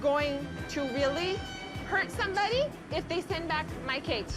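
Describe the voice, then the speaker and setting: A woman's voice: high voice, moderate pace, over loud music. A woman chef and co-owner in a reality TV clip, talking in a defiant, mocking way.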